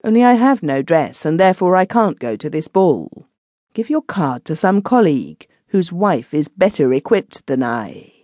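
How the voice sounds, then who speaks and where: A woman narrator voicing a proud, discontented young wife who pleads and frets, her pitch rising on outbursts. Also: big pitch swings, normal speed, warm tone, no echo.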